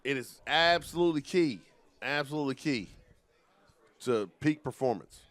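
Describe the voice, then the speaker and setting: A man calling live football play-by-play in an energetic, folksy, jokey way. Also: mid-range voice, moderate pace, no echo. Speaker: play-by-play commentator.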